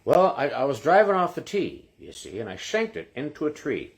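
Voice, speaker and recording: A man's voice: mid-range voice, huge pitch swings, moderate pace, creaky, pitched below the performer's own voice. A man doing a rambling Irish golfer. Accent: put-on Irish. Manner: rambling, breathless storytelling.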